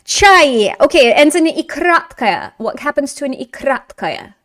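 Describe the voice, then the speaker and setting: A woman's voice: high-pitched, very animated, normal speed, a bit bright, dry recording, clean studio sound. A woman teaching a video language lesson in an upbeat, encouraging, chatty way while writing on a board.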